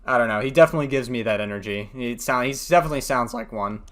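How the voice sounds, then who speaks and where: A man's voice: mid-range voice, very fast, a bit bright, slight background noise. A young man giving reaction commentary, mocking and exasperated, swearing a lot. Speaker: commentary YouTuber.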